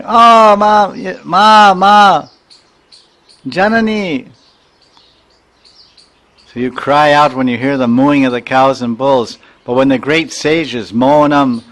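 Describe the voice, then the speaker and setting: Man teaching scripture, chanting Sanskrit verses. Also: mid-range voice. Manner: recites Sanskrit verses, then explains them line by line; chuckles while teaching. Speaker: spiritual teacher. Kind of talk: scripture lecture.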